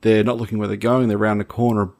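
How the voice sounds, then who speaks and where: A man co-hosting a gaming podcast as a game master, giving relaxed, rambling explanations. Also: lowish voice, rapid-fire, gravelly. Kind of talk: casual podcast chat.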